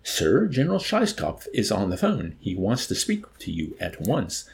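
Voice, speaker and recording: A man's voice: fairly low pitch, huge pitch swings, moderate pace, darkish tone. A man reading aloud and voicing a nervous, deferential male army sergeant.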